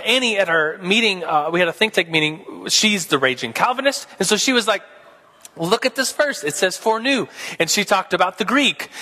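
A man's voice: high voice, sharp tone, long reverb tail. A man teaching a Sunday school class in a casual, playful way, acting out both sides of a debate.

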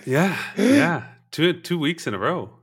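A man co-hosting a casual podcast, joking and animated. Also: fairly high pitch, a little slow, husky. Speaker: podcast co-host. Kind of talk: casual chat.

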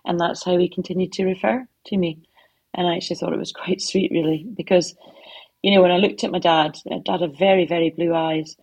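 Low-voiced woman, dry close sound. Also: fairly even intonation, a little fast, gravelly, dry recording. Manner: heartfelt storytelling with soft asides. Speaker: author guest. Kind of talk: conversational interview answers. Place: her home office.

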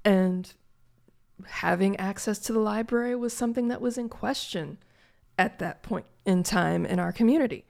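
A woman co-hosting a casual chat, reflective and unhurried, pausing with fillers as she thinks. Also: mid-range voice, gravelly, darkish tone.

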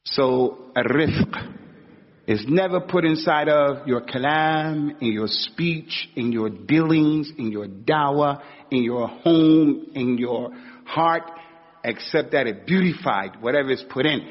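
Taking it slowly, a preacher with a mid-range voice delivers a conversational sermon in street slang, acting out short stories. It's a dull recording with a long reverb from the hall.

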